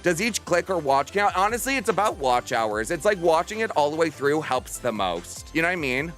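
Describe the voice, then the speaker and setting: A man's voice: on the high side, very animated, a bit bright, faint music behind. A young man streaming from home, chatting to his viewers in a bubbly, affectionate way. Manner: bubbly, affectionate, talks fast to chat. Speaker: livestreamer. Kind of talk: casual stream chat. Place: home room.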